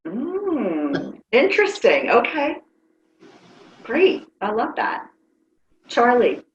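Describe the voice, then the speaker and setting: A woman's voice: fairly high pitch, huge pitch swings, extremely slow, echoey room, highs cut off. Upbeat woman leading a webinar exercise. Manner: upbeat, encouraging, laughs often. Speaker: webinar facilitator. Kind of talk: guiding a group exercise. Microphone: video call.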